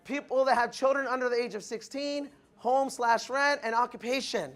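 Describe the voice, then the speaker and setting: A man giving a loud, punchy motivational speech to new recruits, asking the crowd if they follow him, with the audience answering back. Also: very high voice, normal speed. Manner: acts out quoted people in changed voices. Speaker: motivational speaker at recruit orientation. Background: audience responding.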